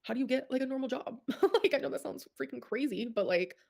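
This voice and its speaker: A woman's voice: sits high, fast talker, vocal fry, darkish tone. A woman livestreamer with a stuffy nose, rambling casually and packing her talk with "like.". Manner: rambling, full of "like" fillers.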